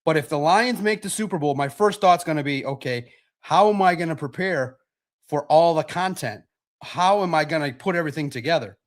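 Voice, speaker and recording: Middle-aged man, sports stream host, a bit higher-pitched, rambling and thinking aloud. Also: brisk. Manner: rambling, repeats himself, thinks out loud. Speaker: sports podcast host reading chat questions. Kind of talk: casual livestream chat.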